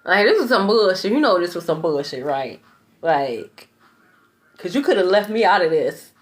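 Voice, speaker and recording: A woman's voice: fairly low pitch, sing-song, normal speed. A young woman tarot reader ranting in a blunt, profane, repetitive monologue. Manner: blunt, profane, repeats herself.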